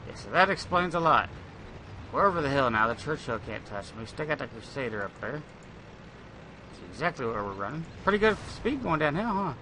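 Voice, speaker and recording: A man's voice: mid-range voice, very animated, fairly quick, background noise. A man hosting a gaming channel, giving loose, rambling gameplay commentary with the odd curse. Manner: rambling, profane, thinks aloud.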